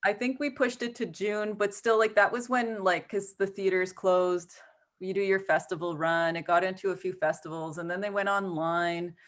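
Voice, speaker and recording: A woman's voice: medium pitch, steady tone, normal speed. A middle-aged woman filmmaker speaking animatedly in a Q&A over a video call, laughing often and acting out quotes. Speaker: filmmaker and guest.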